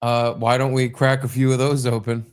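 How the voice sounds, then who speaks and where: A man's voice: mid-range voice, level tone, moderate pace, smooth. A young man co-hosting a casual podcast from a home studio, rowdy and full of swearing and mock toasts. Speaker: podcast co-host. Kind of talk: casual chat.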